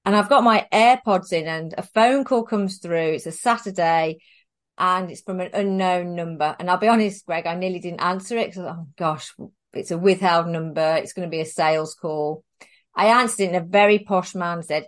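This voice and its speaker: A woman guest in an interview, telling a story in a chatty, animated way and laughing often. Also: mid-range voice, moderate pace.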